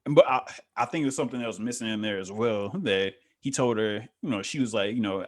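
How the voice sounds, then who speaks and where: A man co-hosting a casual recap, his voice sitting on the low side. He rambles with plenty of fillers and now and then jumps up in pitch to act out what people said. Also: fast talker. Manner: loose and rambling, acts out quotes in raised voice; heavy filler words. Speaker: recap show co-host. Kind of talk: casual chat.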